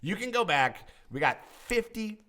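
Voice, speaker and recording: A slightly high, bright-voiced man from the United States co-hosting a podcast. He jokes and swears freely, and his voice drops quieter as he trails off mid-thought. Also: very animated, normal speed. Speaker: podcast co-host. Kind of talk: casual podcast chat.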